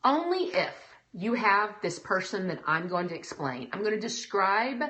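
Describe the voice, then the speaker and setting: A woman's voice: mid-range voice, normal speed. A woman, speaking emotionally and animatedly to an audience. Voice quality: emotional, animated, breaks into quoted voices. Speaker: speaker giving a talk. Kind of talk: personal talk to an audience.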